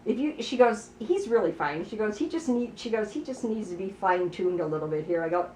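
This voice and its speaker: A woman's voice: mid-range voice, animated, a little fast, a little mellow. A chatty older woman recounts a family story at home, slipping into each person's lines as she goes. She sits a little off the microphone in a roomy space, with a faint hiss behind her. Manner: chatty storyteller, acts out dialogue, many "you know"s. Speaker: parent telling a family story. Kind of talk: casual conversation. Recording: roomy, distant, faint background noise.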